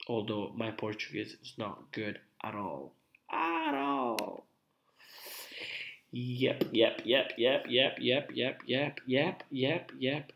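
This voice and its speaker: A man from Italy with an Italian accent, whose first language is Italian, sounding sick as he chats slowly and repetitively on a live stream. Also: medium pitch, slight background noise. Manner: slow, repetitive, drawn-out. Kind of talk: casual live stream chat.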